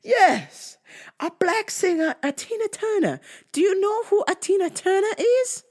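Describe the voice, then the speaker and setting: Woman putting on a pushy massage-selling lady, high-pitched. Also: animated. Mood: insistent. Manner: halting, broken English with fillers.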